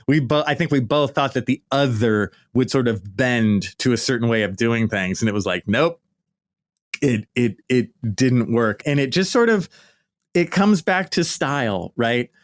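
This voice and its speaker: A man's voice: mid-range voice, expressive, a little slow. A middle-aged American man hosting a podcast, reminiscing in a casual, lighthearted monologue full of "right?" and "you know". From United States. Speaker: podcast host. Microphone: podcast microphone.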